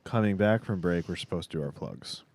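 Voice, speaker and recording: A man's voice: low-pitched, lively intonation, fairly quick, vocal fry, darkish tone. A man co-hosting a comedy podcast with blunt, profane banter. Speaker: podcast co-host. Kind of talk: casual comedy chat.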